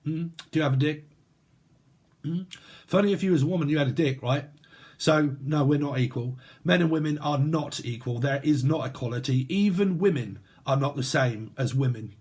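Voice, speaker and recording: Give me a British man reading tarot in a rambling, joking way, with a husky, slightly high voice. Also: moderate pace, darkish tone. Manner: rambling, free-associating, laughing, crude jokes. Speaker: tarot reader. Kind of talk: casual spoken tarot reading.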